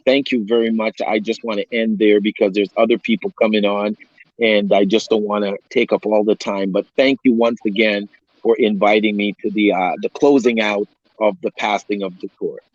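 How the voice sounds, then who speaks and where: A man in his fifties, a pastor and coach, speaking earnestly in a halting way on a call. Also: on the low side, level tone, no room sound, muffled recording. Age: 50s. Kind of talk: casual video call chat.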